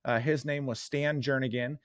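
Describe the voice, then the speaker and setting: A man's voice: mid-range voice, steady tone, moderate pace, no room sound, studio quality. A man in his forties, a guest sales coach, telling career stories in a podcast interview with an earnest, self-deprecating manner and frequent fillers.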